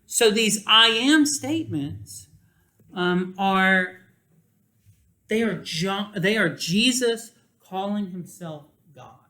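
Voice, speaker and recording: A man teaching a classroom Bible lesson, speaking deliberately and stretching key words for emphasis. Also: high-pitched, animated, sharp tone, echoey room.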